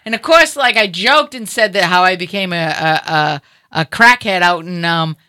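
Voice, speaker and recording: A middle-aged woman hosting a casual chat, telling an animated story and acting out other people's voices. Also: fairly low pitch, moderate pace, no room sound.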